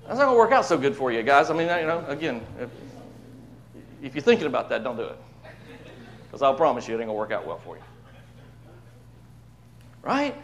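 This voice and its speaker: A man preaching a sermon to his church, emphatic, swinging between loud declarations and hushed asides, often repeating words. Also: mid-range voice, wildly swooping pitch, a little fast, pauses often. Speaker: pastor. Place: church sanctuary.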